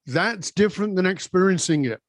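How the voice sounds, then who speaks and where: A man's voice: high-pitched, animated, brisk, dry recording. A man hosting a podcast, emphatic and coaching, speaking straight to his listeners. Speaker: podcast host. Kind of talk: motivational interview talk.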